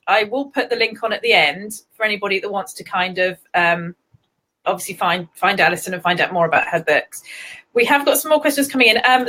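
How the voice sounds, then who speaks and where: A woman's voice: medium pitch, bright, forceful tone. A woman from England hosting a casual livestream chat, giggling often and chatting in a scattered way. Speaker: livestream host. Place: home livestream.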